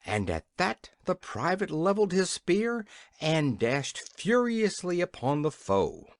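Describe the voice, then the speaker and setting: A man narrating a classic children's fantasy audiobook with expressive storytelling. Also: sits high, unhurried, dry recording, clean studio sound. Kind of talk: scripted narration.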